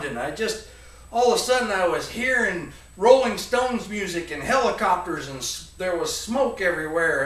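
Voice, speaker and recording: High-voiced man telling a story in an echoey room. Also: far from the mic. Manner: animated, rambling, comic delivery. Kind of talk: live storytelling to an audience.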